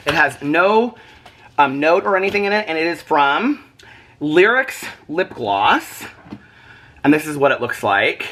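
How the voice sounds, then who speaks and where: A man's voice: mid-range voice, bright, forceful tone. A man chatting casually to his viewers in a home vlog, rambling from one thing to the next and a little out of breath. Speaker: vlogger. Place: at home, leaning on a kitchen counter.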